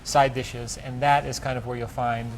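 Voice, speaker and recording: A man's voice: medium pitch, little pitch movement, moderate pace. A man who is a chef, talking casually in an interview at his restaurant, enthusiastic and rambling with fillers. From United States. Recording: faint background noise.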